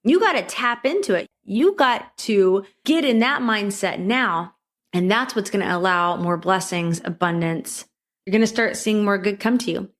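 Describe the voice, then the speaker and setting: A woman's voice: mid-range voice, lively intonation, normal speed. A middle-aged woman hosting a motivational solo podcast, upbeat and encouraging, with repeated exhortations and rising emphasis. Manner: repetitive exhortations. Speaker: podcast host.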